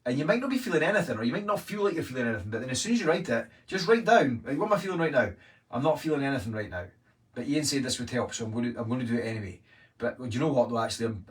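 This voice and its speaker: A Scottish man coaching live, talking in a blunt, energetic way and swearing freely. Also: medium pitch, far from the mic. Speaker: weight-loss coach. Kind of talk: live-streamed coaching talk.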